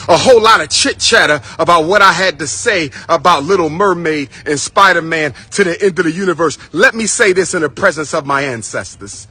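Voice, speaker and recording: Male commentator, bright, sharp voice, blunt repetitive rant to camera. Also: fairly high pitch, slightly rough. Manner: blunt, emphatic, repeats himself, addresses listeners as brothers and sisters.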